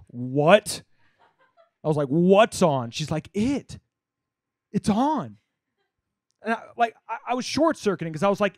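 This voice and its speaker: Young man, stand-up comedian, rambling and filler-heavy, higher-pitched voice, dry close mic sound. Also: dry recording. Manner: rambling, conversational with many fillers, bursts into shouted punchlines. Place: comedy club stage.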